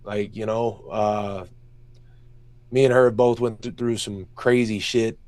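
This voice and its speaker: Taking it slowly, a young MMA fighter speaks in a lowish, darkish voice with fairly even intonation and no echo. His interview is candid and emotional, heavy on swearing, with stories spilling out in long run-on answers.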